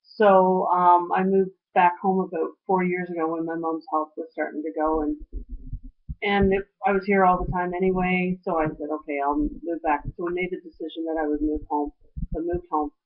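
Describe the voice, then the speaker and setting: A woman's voice: on the low side, flat delivery, normal speed. A middle-aged woman giving a casual, heartfelt personal update at home, rambling and trailing off with fillers. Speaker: weight-loss surgery vlogger. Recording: tinny phone-like audio.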